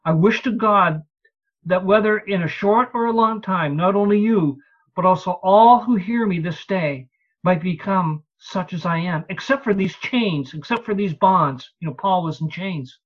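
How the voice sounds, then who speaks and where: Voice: medium pitch, normal speed. A preacher giving an expository evening sermon in a conversational way, reading scripture aloud and asking the listeners rhetorical questions. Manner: reads and explains scripture aloud. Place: evening church service. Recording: slightly dull lo-fi recording.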